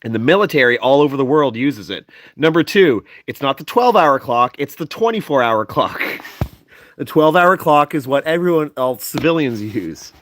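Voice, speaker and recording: A man's voice: medium pitch, animated, normal speed, slight background noise. A sleepy young man hosting a casual stream, reading chat in a playful, teasing way.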